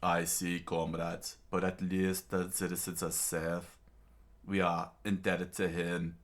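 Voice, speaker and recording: Brief: man putting on a solemn king with a Russian accent, low-voiced and measured. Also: completely flat delivery. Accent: put-on Russian. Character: calm dignified older male king.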